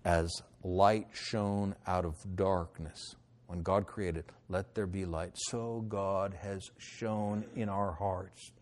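A middle-aged man preaching a sermon, moving between loud declarations and hushed, pleading lines. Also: low-pitched, steady tone, takes it slowly. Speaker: pastor.

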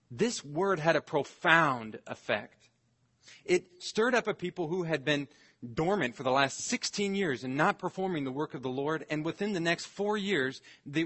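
A man, a pastor, preaching an earnest expository sermon, slowing down to stress scripture phrases. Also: fairly high pitch, a bit bright.

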